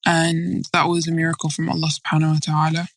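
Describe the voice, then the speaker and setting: A woman guest on a podcast, earnestly telling a personal story of faith, halting and restarting, often dropping close to a whisper. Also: sits low, monotone, poor audio.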